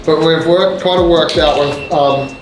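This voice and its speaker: A man with a slightly raised voice talks through renovation work in a loose, joking way, full of fillers. He is recorded in an echoing, half-built kitchen. Clear music plays underneath. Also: a little high, steady tone, measured pace. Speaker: vlog host doing renovation work. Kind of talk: casual on-site explanation. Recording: echoey room with loud music behind.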